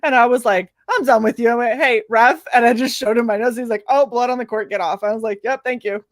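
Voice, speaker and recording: A woman's voice: on the high side, a little fast, no echo, studio quality. A young adult woman co-hosting a casual streamed chat, blunt and laughing often as she tells stories. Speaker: podcast co-host.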